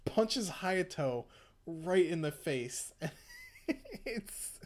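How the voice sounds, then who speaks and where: A man's voice: fairly high pitch, expressive, very slow, darkish tone. A man retelling an episode in casual chat, rambling, swearing and laughing often.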